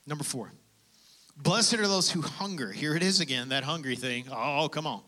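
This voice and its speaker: High, bright-voiced male pastor preaching. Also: moderate pace. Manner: animated, conversational preaching with laughs and acted-out prayers. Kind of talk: sermon.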